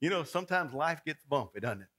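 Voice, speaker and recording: A man preaching a folksy, dramatic sermon that swings from loud to hushed. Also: a little high, animated, quick pace.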